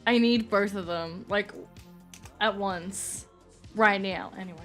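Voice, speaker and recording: A woman's voice: medium pitch, slow pace, faint music behind. A young woman streaming a game, flustered and laughing, who swears casually and talks to her chat. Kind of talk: live-streamed game playthrough.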